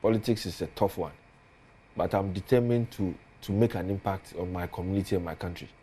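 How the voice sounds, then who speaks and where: A man's voice: deep voice, steady tone, a little fast, dark tone, slight background noise. Earnest Ghanaian man, politician guest. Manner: code-switching, earnest, builds emphasis on lists. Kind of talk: studio talk show interview.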